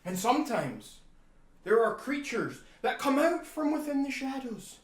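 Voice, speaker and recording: Slow, solemn, deadpan man in an echoey room. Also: very high-pitched. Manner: slow, solemn, formal, with outbursts into bird cries. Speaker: solo improv performer, as the bird lover. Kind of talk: improvised deadpan one-man play. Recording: roomy, from a distance.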